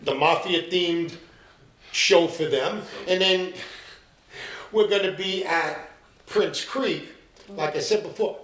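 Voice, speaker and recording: Upbeat guy chatting on a podcast, kinda high voice, jokey, roomy echo. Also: slow pace, long pauses, fairly bright tone. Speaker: actor guest. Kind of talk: casual podcast chat. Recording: echoey room.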